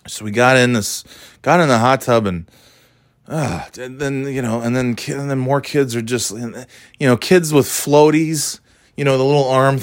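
A man's voice: mid-range voice, moderate pace, dry recording, clean studio sound. A middle-aged man telling a story in a casual monologue, swearing often in a sardonic, ranting way.

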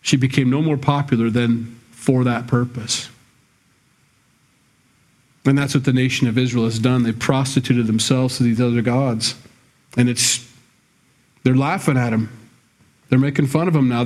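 A man's voice: medium pitch, steady tone, normal speed, long pauses, a little mellow. A male pastor preaching a sermon in a church, talking plainly to the congregation and building to emphatic bursts. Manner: conversational preaching, rising to emphatic scolding bursts.

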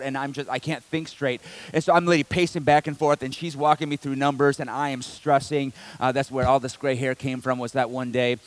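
Male preacher with a high voice and a dry, close sound; dramatic, animated storyteller who hammers points by repetition. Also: dry recording. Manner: emphatic repetition. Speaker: pastor. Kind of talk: sermon with personal story.

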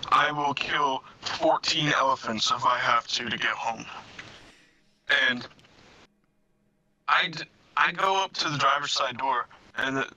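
A young man co-hosting a podcast, telling a story in casual chat with blunt, deadpan, profane delivery. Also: medium pitch, measured pace, long pauses, rough recording. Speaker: podcast co-host.

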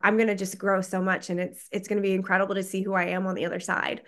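A woman's voice: medium pitch, level tone, quick pace. A woman who works as a recruiter, co-hosting a podcast and speaking in an emphatic, persuasive way. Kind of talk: conversational interview.

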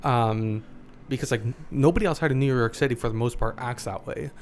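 A man co-hosting a casual podcast, telling stories with lively acted-out quotes. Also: mid-range voice, fairly quick, a little hiss or hum. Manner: animated storyteller, acts out quotes. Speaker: podcast co-host. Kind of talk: casual chat.

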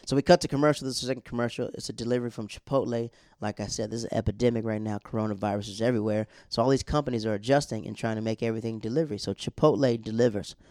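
A man's voice: on the low side, steady tone, racing, few pauses, a little mellow, dry recording, studio quality. A man casually recapping a TV episode in a slangy, laid-back storytelling way.

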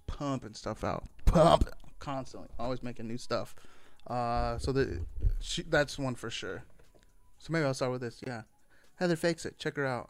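A man's voice: medium pitch, clear, resonant tone, no room sound. A man hosting his own podcast in a loose, rambling chat, full of fillers and casual swearing. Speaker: solo podcast host.

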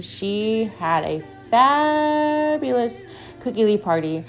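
A woman in her twenties from the American Southwest, hosting a solo podcast and telling stories in an animated, chatty way, full of "like" and restarts. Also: medium pitch. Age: 20s. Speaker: podcast host. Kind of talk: casual solo podcast monologue.

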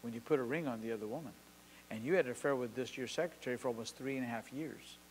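A man's voice: medium pitch, fast talker, long reverb tail, a little hiss or hum, poor audio. A man preaching a sermon as pastor, driving his points home with short, emphatic, repeated declarations.

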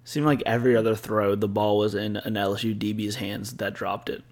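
Young co-host, gravelly voice, teasing and laid-back. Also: male voice, fairly low pitch, steady tone, a little fast. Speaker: podcast co-host. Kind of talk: casual sports chat.

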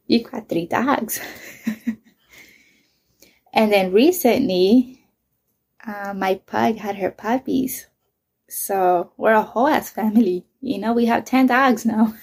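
A woman's voice: mid-range voice, slow pace, long pauses, darkish tone, slightly rough. A woman in her thirties, speaking bluntly and with lots of swearing, who often drops to a whisper while telling her story. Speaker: vlogger. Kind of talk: casual storytelling.

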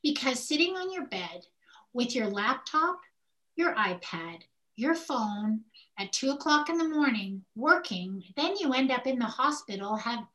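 An older woman with a somewhat high voice chats candidly on a podcast. She tells her stories with animation, slipping into the voices of the people in them as she goes. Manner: animated storyteller who acts out quoted speech. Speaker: podcast co-host.

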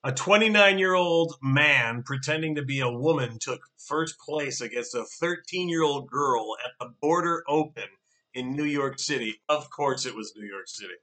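A man's voice: mid-range voice, animated, normal speed, sharp tone. A middle-aged man co-hosting a casual political chat show, with sarcastic, mocking asides. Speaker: co-host.

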